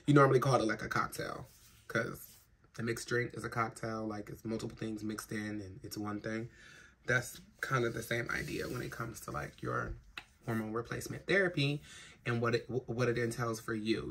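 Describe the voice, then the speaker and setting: A woman's voice: a bass voice, a bit bright. A trans woman vlogging at home, worn out after crying, talking frankly and rambling with plenty of swearing. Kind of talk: casual vlog chat to camera. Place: home in a big city. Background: faint city noise.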